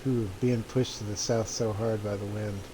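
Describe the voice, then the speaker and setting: A man's voice: on the low side, fairly even intonation, normal speed, background noise. Laid-back man rambling over a game. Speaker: streamer playing a flight simulator. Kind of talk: casual gameplay commentary.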